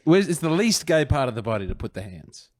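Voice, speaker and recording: A man's voice: mid-range voice, sing-song, brisk, no echo. A man co-hosting a podcast, arguing his points earnestly in crude comedic banter. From Australia. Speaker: podcast co-host. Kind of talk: casual comedic chat.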